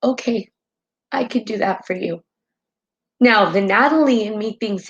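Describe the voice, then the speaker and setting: A woman's voice: medium pitch, measured pace, dull audio. A woman hosting a spiritual live stream in casual talk, heartfelt and rambling, often tagging her sentences with "right?", and tearful at times.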